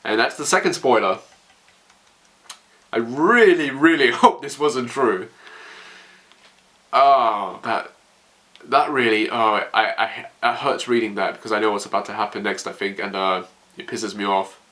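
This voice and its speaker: Excitable stammering man reacting to manga. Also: lowish voice, a little slow, pauses often. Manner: excitable, stammering, narrates aloud. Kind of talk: emotional reading reaction.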